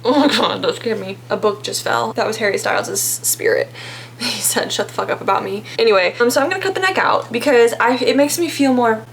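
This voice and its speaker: Young woman, Texan accent, chatty and rambling, fairly high voice, noisy background. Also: brisk, fairly bright tone. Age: 20s. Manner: chatty, rambling, self-deprecating. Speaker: vlogger. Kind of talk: casual vlog chat. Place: in a car, then at home.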